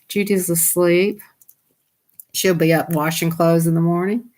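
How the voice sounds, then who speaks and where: A woman, hosting a casual livestream from home at night on a desktop computer mic. She chats excitably with her viewers and laughs often. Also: fairly low pitch, a little slow. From Southern United States. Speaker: livestream host.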